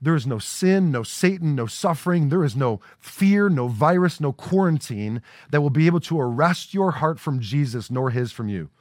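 A man's voice: fairly high pitch, lively intonation, moderate pace, few pauses, no room sound, clean studio sound. A man preaching a sermon as a pastor, talking in a casual way and often checking in with "right?". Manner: conversational preaching with frequent "right?" asides. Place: church sanctuary.

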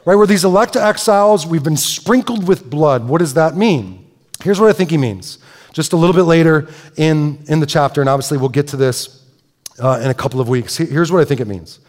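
A man preaching to his congregation, his voice a touch higher than most men's. He talks loosely, restarting phrases and tossing in asides. The sound rings with the long reverb of a large church sanctuary. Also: animated, fairly quick. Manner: conversational, self-interrupting with repeated words and asides. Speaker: pastor. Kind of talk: sermon.

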